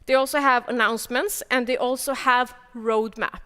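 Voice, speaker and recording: A woman giving a technical conference talk, speaking as an energetic, chatty presenter handing out advice. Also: on the high side, moderate pace, clean tone, long reverb tail. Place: large conference hall.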